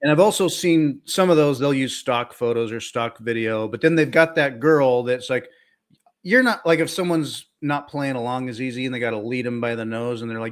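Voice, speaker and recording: A man of middling pitch chats easily on a podcast. He hesitates and fills pauses while he searches for words, and laughs often. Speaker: podcast co-host. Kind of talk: casual chat.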